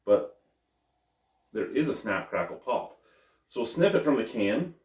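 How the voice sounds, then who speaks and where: A man's voice: medium pitch, big pitch swings, a little slow, darkish tone. A man casually reviewing a beer on camera, chatty and thinking aloud, correcting himself as he goes. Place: at home. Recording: roomy, mic at a distance.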